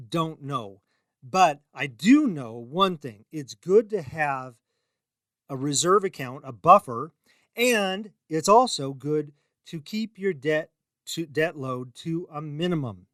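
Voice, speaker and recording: A man's voice: on the high side, fairly bright tone, no echo, studio quality. A middle-aged man hosting his own radio show, talking in a chatty, rambling, self-deprecating way with emphatic rises. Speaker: radio show host and reverse mortgage salesman. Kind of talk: casual talk radio monologue.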